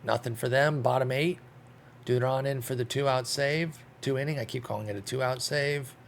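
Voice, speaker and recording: Gravelly man venting over a baseball sim. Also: medium pitch, fairly even intonation, normal speed, slight background noise. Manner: frustrated, swears, thinks aloud. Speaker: gaming YouTuber. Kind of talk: live commentary while playing a baseball sim.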